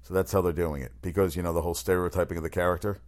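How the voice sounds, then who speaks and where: A man's voice: deep voice, steady tone, very fast. A man hosting a casual talk show, rambling bluntly and swearing through sports and TV opinions. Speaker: show host. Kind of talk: casual chat.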